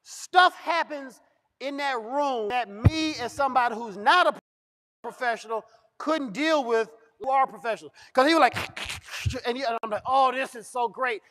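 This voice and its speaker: A man's voice: very high-pitched, normal speed. A middle-aged male comedian telling a funny story on stage, acting out both sides of the conversation. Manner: animated, acts out dialogue. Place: event stage.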